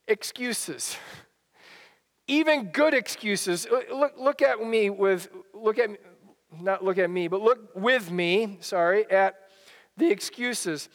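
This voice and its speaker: A man's voice: sits high, a bit bright, in a large hall. A male pastor giving a sermon in a conversational way, often repeating and restarting his phrases. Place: church sanctuary.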